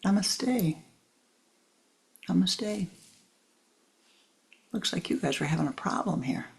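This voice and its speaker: A woman voicing a wise, calm owl that gently chides, in a spiritual teaching story. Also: lowish voice, creaky, exaggerated voice, low-quality recording. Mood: amused, calm. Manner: gently chiding, soft and unhurried.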